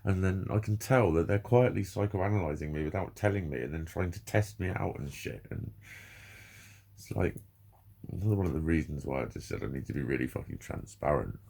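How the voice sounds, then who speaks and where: A man's voice: deep voice, lively intonation, a little fast, creaky, warm tone. A man in his forties talking candidly and emotionally to camera, swearing heavily in a confessional monologue. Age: 40s. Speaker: vlogger.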